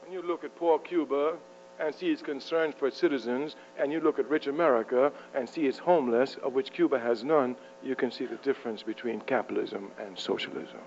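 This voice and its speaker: A man's voice: mid-range voice, brisk, a little mellow. A man giving a fiery, provocative political lecture to a live audience. He is emphatic and keeps chuckling at his own jabs. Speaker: political speaker. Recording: muffled lo-fi with faint mains hum.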